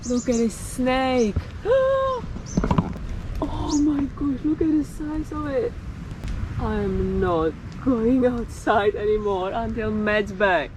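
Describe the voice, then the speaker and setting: A woman's voice: a little high, slow, noisy background. A woman filming from inside a parked car, giving awed, nervous commentary. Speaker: vlogger.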